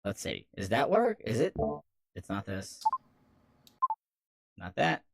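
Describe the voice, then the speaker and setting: A man's voice: fairly low pitch, sing-song, takes it slowly, creaky. A man on a gaming live stream, exasperated and laughing while he tries to fix broken equipment. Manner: exasperated, laughing at the tech trouble. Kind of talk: live-stream casual chat.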